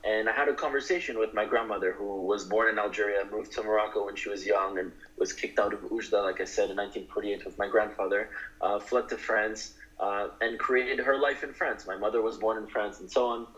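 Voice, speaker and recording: A man's voice: on the low side, steady tone, brisk, a bit bright, lo-fi sound. A man being interviewed, talking earnestly and building to passionate, emphatic declarations. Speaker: guest advocate. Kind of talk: interview talk.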